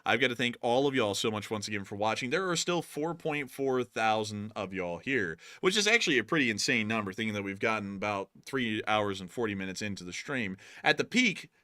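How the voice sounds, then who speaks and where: A man's voice: fairly low pitch, lively intonation, brisk, hardly any pauses, sharp tone, dry recording, clean studio sound. A man hosting a live stream, answering viewer questions in a rambling way with lots of fillers. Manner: rambling, filler-heavy, folksy sign-offs. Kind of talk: casual live-stream commentary.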